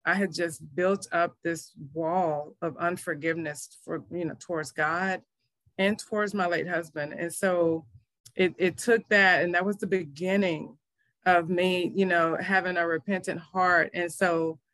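A woman's voice: fairly low pitch, fairly even intonation, a little slow, a bit bright, no echo. A middle-aged woman pastor, telling her faith story in an earnest, emotional way. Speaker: pastor and minister. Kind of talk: testimony in a faith interview.

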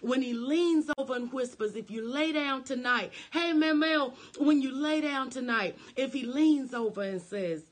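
A woman preacher with a rather high voice delivers a fervent sermon. She repeats phrases in a rising, rhythmic cadence and checks in with the room with frequent "right?" tags. When she quotes Jesus, she drops into a soft, low voice. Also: unhurried, hardly any pauses.

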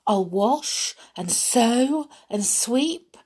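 A woman doing Snow White, sweet high girlish princess. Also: lively intonation, drawn-out words, slightly rough, exaggerated voice. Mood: eager. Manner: high, bright, sing-song girlish voice. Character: sweet young princess, gentle and eager. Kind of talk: storybook reading.

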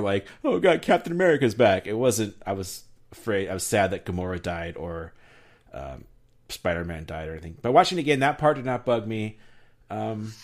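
A man hosting a casual movie review chat, rambling with many fillers and restarts as he asks questions. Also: medium pitch. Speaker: podcast host.

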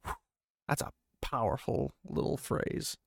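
Unhurried and chatty, a young male podcast host sums up a book chapter, reading quotes aloud, paraphrasing characters with "he's like," and laughing at his own self-corrected slips. The studio-quality recording carries no room sound.

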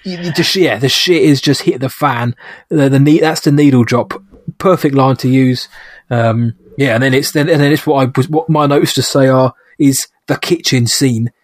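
A man hosting a podcast, chatting enthusiastically about a film with halting restarts. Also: medium pitch, fairly even intonation, dry recording, studio quality. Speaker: podcast host. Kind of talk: casual film chat.

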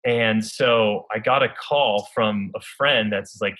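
Earnest man, bright lowish voice. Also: low-quality recording. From United States. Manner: earnest, halting, filler-heavy with many restarts. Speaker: Olympic luge athlete. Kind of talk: personal storytelling.

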